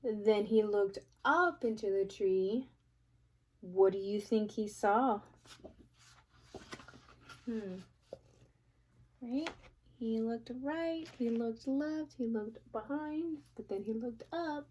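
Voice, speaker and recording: A woman reading a picture book aloud, pausing to ask the listener questions. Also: a little high, a little mellow. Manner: asks the listener questions, playful. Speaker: reader.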